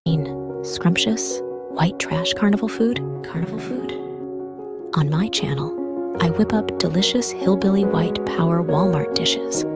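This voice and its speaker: A chirpy mock cooking-show hostess, played by a woman, asks sing-song questions and echoes her own words back, slipping near a whisper. Her voice sits a little low, and loud music plays underneath. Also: natural voice.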